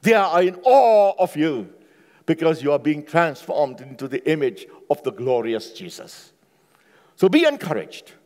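A man preaching a sermon with passion, swinging from hushed, low pleading to loud, high exclamations. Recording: long hall reverb.

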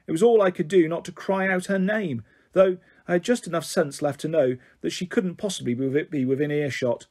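Here a man gives an expressive, steady reading of a children's novel, with the warmth of a bedtime story. For a man, his pitch is notably high, and the texture is husky.

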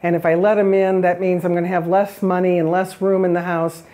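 A woman's voice: on the low side, level tone, brisk, dark tone, lightly acted. A woman voicing a worried male pig in a stick house, who dithers over money and room. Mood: fretting.

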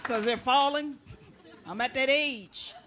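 Brash, shouting middle-aged woman comedian. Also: sits high, takes it slowly. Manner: loud, brash, shouting to the crowd. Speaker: stand-up comedian. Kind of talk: stand-up comedy routine. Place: stage before a live studio audience. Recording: loud live audience and noisy hall.

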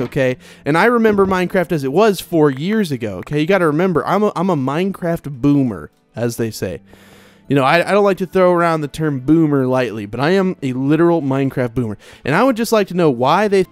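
A man's voice: a little high, animated, brisk, faint music behind. A young man hosting a game let's play, chatting casually and rambling as he talks straight to viewers. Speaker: Minecraft let's play host. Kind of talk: casual gameplay commentary.

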